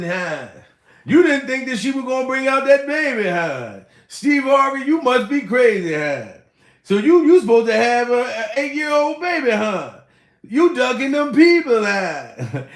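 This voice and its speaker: A man's voice: extremely high pitch, exaggerated voice. A man doing an impression of a male rapper, taunting and ending every line with a drawled "huh?". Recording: roomy echo.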